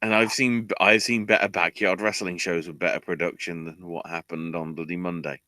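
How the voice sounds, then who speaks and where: A man hosting a casual podcast chat, his delivery sarcastic and exasperated as he recaps. His voice is bright and forceful, a touch low, and sits close and dry on the mic with no room around it. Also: steady tone, moderate pace, no room sound. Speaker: podcast host.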